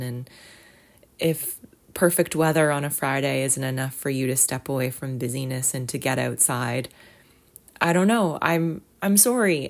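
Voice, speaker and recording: A woman hosting a solo podcast, rambling and self-deprecating, with lots of fillers. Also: low-pitched. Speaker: podcast host. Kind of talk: casual solo podcast chat.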